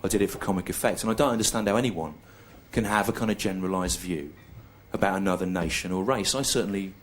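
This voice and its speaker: Deadpan English stand-up comedian. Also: male voice, sits low, fast talker. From England. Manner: deadpan, laid-back, repetitive delivery with self-aware asides. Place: comedy venue stage. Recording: live show recording with audience noise. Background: audience laughter and room ambience.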